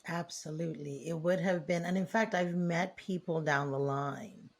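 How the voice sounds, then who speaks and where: Woman coach on a podcast, raspy husky voice, talks like a preacher, animated. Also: on the low side, normal speed. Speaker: guest, feminine leadership coach. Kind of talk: conversational podcast interview.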